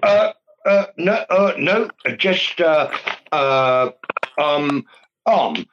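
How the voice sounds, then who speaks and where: A man's voice: on the high side, animated, extremely slow, muffled recording. A man on a comedy panel who stammers and restarts, then reads aloud in a put-on accent. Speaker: panel guest.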